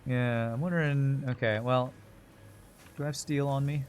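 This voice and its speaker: A man's voice: medium pitch, fairly even intonation, normal speed, a little mellow, soft background music. A man streaming a game live, thinking aloud in rambling, self-mocking casual commentary.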